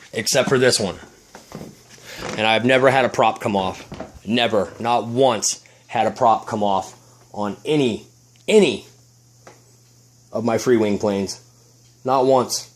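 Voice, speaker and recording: A man vlogging about his RC plane, agitated, swearing, and often restarting his sentences indoors at home. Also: mid-range voice. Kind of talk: casual vlog.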